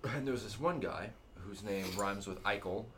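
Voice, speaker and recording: Low-voiced young man, loose and profane. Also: moderate pace. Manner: loose, profane, explains with tips. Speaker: podcast co-host. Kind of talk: casual chat. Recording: faint background noise.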